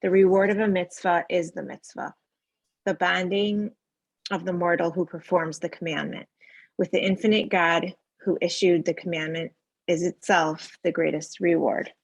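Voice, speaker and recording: A woman reading a prepared text aloud in a measured, even way. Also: on the low side, creaky, slightly rough, no echo, low-quality recording. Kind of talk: scripted narration reading a text.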